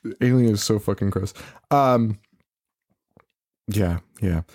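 This co-host speaks slowly in a fairly low voice, recapping a movie in a casual way. He swears a lot, laughs often, and retells the story with animation.

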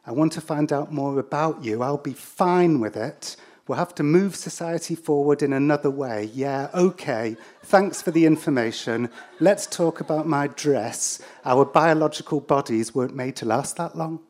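A man puts on a female humanoid robot who sounds as if she has just woken up, dazed and disconnected. Her phrases come out stilted and halting, pitched a little above a man's ordinary storytelling voice and delivered a shade louder. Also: lightly acted. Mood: bewildered.

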